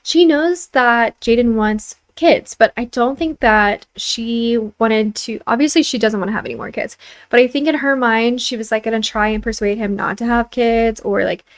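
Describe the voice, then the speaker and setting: A woman's voice: on the high side, normal speed. A young woman chatting casually as she narrates a life-sim game for her channel, full of filler words. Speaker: let's play host.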